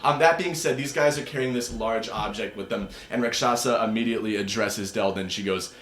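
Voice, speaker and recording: A man narrating as game master of a tabletop game, in a loose, relaxed way with many fillers. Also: fairly low pitch, brisk, few pauses. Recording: roomy echo.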